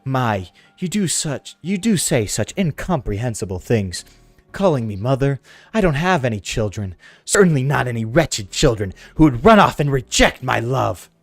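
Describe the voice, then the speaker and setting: A man reading the lines of a cold, haughty villain mother from a game in his own voice, scornful and slow. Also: mid-range voice, big pitch swings, no room sound, soft background music. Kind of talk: reading game dialogue aloud.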